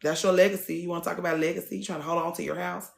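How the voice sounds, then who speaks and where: A woman's voice: on the low side, steady tone, rapid-fire, gravelly, echoey room. A woman hosting a TikTok live, talking casually to her viewers in a blunt, preachy way and swearing freely.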